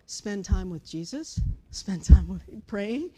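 A woman preaching a sermon in an animated storytelling way, moving from hushed to loud and acting out voices. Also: medium pitch, a little slow. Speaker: pastor.

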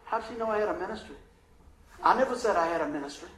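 High-voiced guy preaching, telling a story all heartfelt, faint room hum behind him. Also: expressive, quick pace, echoey room, low-quality recording. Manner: emotional, conversational, Southern-tinged storytelling with asides to the congregation. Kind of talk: storytelling sermon.

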